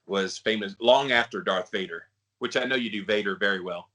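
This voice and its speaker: A man with a baritone voice hosting a podcast interview, chatty and rambling. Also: brisk, bright, forceful tone. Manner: chatty, rambling, with frequent fillers. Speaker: podcast host.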